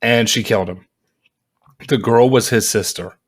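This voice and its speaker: A man casually reviewing a movie in a vlog, rambling and animated, with lots of fillers and frequent laughs. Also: medium pitch, moderate pace, slightly rough.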